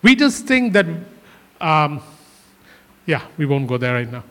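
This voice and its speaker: A man's voice: a little high, big pitch swings, a little slow, a bit bright. A male pastor preaching a sermon in earnest, often repeating his phrases for emphasis. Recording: hall reverb.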